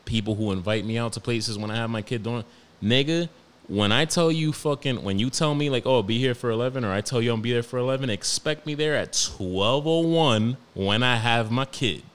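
A young man with a New York accent, hosting a podcast and telling stories about his toddler in a profane, animated, slangy way. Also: medium pitch, moderate pace, clear, resonant tone. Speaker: podcast host. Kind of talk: casual storytelling monologue.

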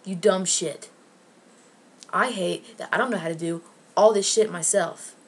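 A woman's voice: mid-range voice, moderate pace. A woman vlogger ranting angrily and sarcastically to camera, with plenty of swearing. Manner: angry, profane, sarcastic.

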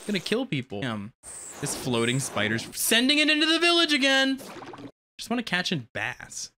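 A game streamer giving casual let's-play commentary, excitable and quick to swear and yelp at sudden scares. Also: medium pitch, slight background noise. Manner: excitable, swears a lot, yelps at jump scares.

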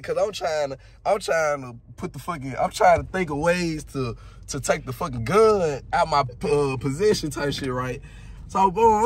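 A young man, telling a story to friends in a car in an animated, profane, laughing way. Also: fairly high pitch. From Mississippi, US. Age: young adult. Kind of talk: casual storytime among friends.

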